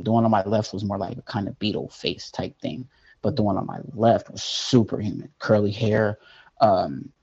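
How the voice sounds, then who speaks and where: Man recounting a personal story, halting and earnest, dark husky voice, dull lo-fi sound. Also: on the low side. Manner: earnest, halting, with many fillers. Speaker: guest telling a near-death story.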